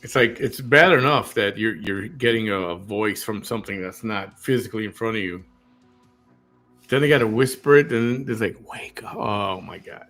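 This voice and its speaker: A man hosts a casual talk show, speaking in an animated, emphatic way. His voice sits a little low. Faint music plays underneath him. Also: normal speed. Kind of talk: casual on-air conversation.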